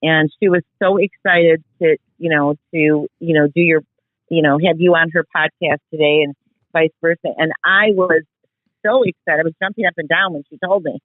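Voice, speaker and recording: A woman's voice: sits low, fairly even intonation, moderate pace, no room sound. A woman calling in by phone to a podcast, effusive and gushing with praise. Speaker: caller, guest's mother. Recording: dull phone line.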